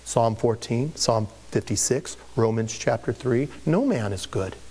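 A man's voice: medium pitch, a little slow, mellow, slightly rough. A man preaching a sermon as a pastor, conversational and joking, explaining scripture with everyday asides.

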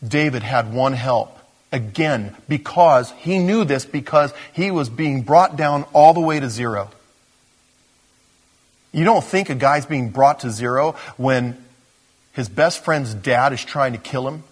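A man's voice: medium pitch, a little slow, slightly rough. A man preaching a sermon in a conversational, self-deprecating way, talking to his congregation like friends. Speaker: pastor.

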